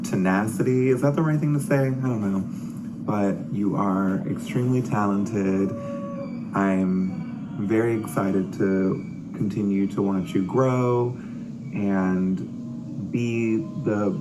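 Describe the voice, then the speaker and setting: A man recording an earnest, halting, lightly joking message to his partner. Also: deep voice. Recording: loud background noise.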